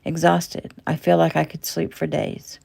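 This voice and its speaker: Woman doing a worn out young guy in hospital, weak, gravelly low voice. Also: flat delivery, a little slow, mellow, heavily acted. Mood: weary. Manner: weak, tired. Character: exhausted young man in hospital bed.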